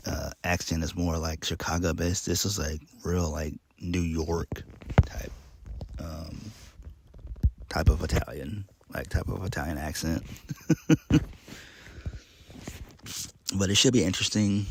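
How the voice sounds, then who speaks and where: A man's voice: low-pitched, noisy background. A man casually recapping a wrestling show, rambling with many ums and uhs in a laid-back way.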